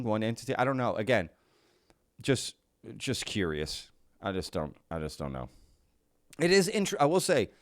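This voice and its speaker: A man's voice: medium pitch, dry recording, clean studio sound. A man hosting a commentary video, musing aloud with many questions and restarts, laughing now and then. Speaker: commentary host. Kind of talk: casual reaction commentary.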